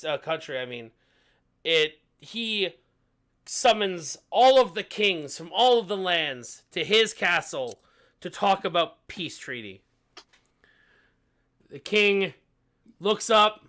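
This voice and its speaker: A man narrating a tabletop game as game master, halting with frequent fillers and restarts. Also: high-pitched, sharp tone, clean tone.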